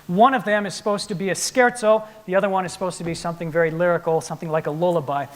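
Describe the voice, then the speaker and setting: A man playing piano in a trio, explaining the music to a live audience in an animated, playful lecture-demonstration. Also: high-pitched, rapid-fire. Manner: animated, playful explainer acting out the composer's attitude. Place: concert hall with live audience.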